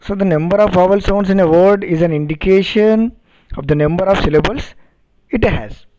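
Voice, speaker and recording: A man teaching a phonetics lesson, repeating words and spelling them out deliberately, and checking understanding with questions. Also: high voice, warm tone, highs cut off. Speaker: English teacher. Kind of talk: recorded phonetics lecture.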